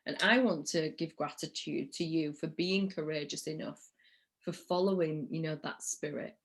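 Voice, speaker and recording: A woman hosting an interview, speaking softly and reflectively, slow and deliberate. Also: sits low. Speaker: podcast host.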